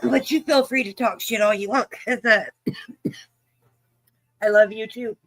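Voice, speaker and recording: A woman's voice: fairly high pitch, a little slow, dry recording, poor audio. A woman hosting a live stream card game, chatting with viewers in a folksy, teasing, profane way while coughing and short of breath. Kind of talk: casual chat with viewers.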